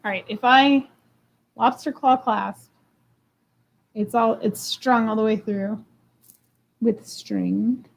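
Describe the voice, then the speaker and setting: A woman's voice: a little high, steady tone, slow, vocal fry, pauses often. A woman selling jewelry on a live stream, chatting playfully and joking about herself as she unboxes and runs auctions. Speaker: online jewelry seller. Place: home room.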